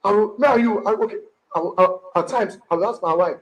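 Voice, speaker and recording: A man speaking in a mediation session, rushed and stammering, often repeating his words as he complains about his marriage. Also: high-pitched, poor audio. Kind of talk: emotional testimony in mediation.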